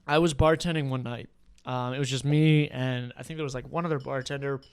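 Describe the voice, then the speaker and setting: A man's voice: medium pitch, a little fast, smooth, no room sound. A man with a New England accent telling a bartending story in casual, profane chat, acting out the people in it. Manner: animated, profane, acts out voices in stories. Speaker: podcast guest.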